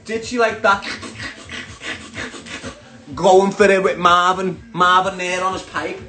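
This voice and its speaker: A man's voice: sits high, steady tone, slow, pushed and bright. A man with a Scouse accent ranting casually to viewers, sweary and mocking, laughing at his own jokes. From Liverpool, England. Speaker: online commentator.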